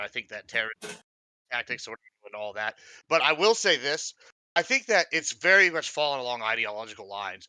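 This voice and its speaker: A man calls into a live debate stream and talks heatedly, rambling between points and mocking people he quotes. His voice is sharp, very bright and slightly high, with a dry sound. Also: no room sound, poor audio. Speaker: caller. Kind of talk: casual call-in debate talk.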